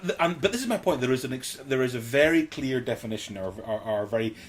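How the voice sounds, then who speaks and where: A man's voice: medium pitch, animated, fast. Laughing man telling stories. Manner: storytelling, laughs often, self-interrupting. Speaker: guest. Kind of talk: casual chat.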